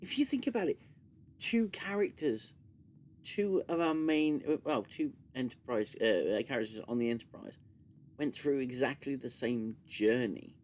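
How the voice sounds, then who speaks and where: A man hosting a casual live discussion stream, talking in long animated runs and sometimes mimicking gushing voices. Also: mid-range voice, moderate pace, slight background noise. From United Kingdom. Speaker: podcast host.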